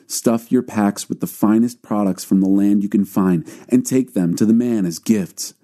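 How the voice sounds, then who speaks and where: A man's voice: on the low side, moderate pace, mellow, lightly acted. A man reading the lines of a grieving, fearful old father in a scripture reading. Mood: sorrowful. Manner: mournful, pleading.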